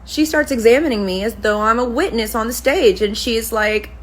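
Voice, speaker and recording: A woman's voice: a little high, moderate pace, hardly any pauses, fairly bright tone, rough recording. A woman who runs a spa, telling a story to camera in a casual, profane rant. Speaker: spa owner, permanent makeup artist.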